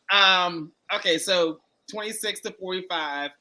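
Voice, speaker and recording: Bright high-voiced male dating host. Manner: chatty, quick reactions, repeats answers back. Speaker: dating coach and show host. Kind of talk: live-streamed dating interview.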